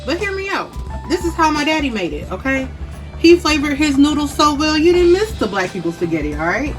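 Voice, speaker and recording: A woman's voice: sits high, sing-song, brisk. Young woman chatting through a cooking vlog, slangy and easygoing, music playing under her. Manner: chatty, talks straight to viewers with casual slang. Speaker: cooking vlogger. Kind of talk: casual kitchen vlog. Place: home kitchen. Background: background music.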